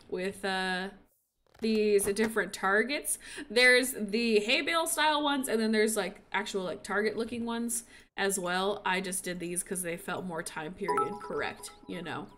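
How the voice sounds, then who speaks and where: Lively bright-voiced woman streamer. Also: mid-range voice. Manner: excitable, gushing squeals at in-game animals. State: sniffly. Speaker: game streamer. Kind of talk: casual gameplay commentary.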